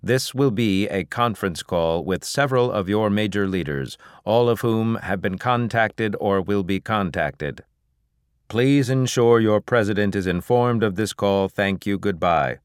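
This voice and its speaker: A man puts on a robotic alien voice on the line, slow and measured, every word formal and deliberate. It sits a touch higher than his usual low voice, in a dry, close sound. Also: clear, resonant tone, dry recording, close to an everyday voice. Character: alien caller speaking through a robotic voice. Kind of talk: audiobook reading.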